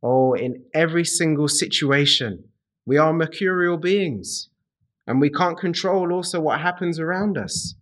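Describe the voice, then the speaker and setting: A man preaching a sermon to a congregation in a slow, deliberate way, repeating key phrases and speaking to his listeners directly. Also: a little high, a bit bright.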